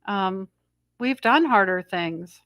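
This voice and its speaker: A woman's voice: medium pitch, animated, takes it slowly, a bit bright, no echo, studio quality. A middle-aged woman hosting a live spiritual energy update, rambling and breaking off mid-sentence as she passes on messages she says she hears. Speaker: intuitive astrology host.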